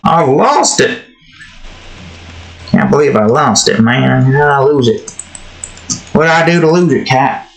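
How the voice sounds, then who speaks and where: Slow-talking man musing while he draws. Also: mid-range voice, lively intonation, gravelly, roomy sound, rough recording. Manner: mumbling to himself, musing and rambling. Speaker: artist and video creator. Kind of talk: casual commentary while drawing.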